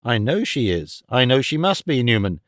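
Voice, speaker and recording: A man's voice: mid-range voice, big pitch swings, moderate pace, fairly bright tone, no echo, studio quality. A man voicing an impetuous young man in love, eager and vehement, firing questions.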